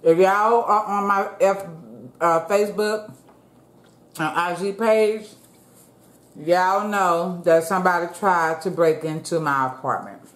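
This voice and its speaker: A woman hosting a casual eating show from her home, chatting to viewers in a relaxed way and calling them "y'all". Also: on the low side, slow pace. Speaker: mukbang vlogger. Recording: roomy echo.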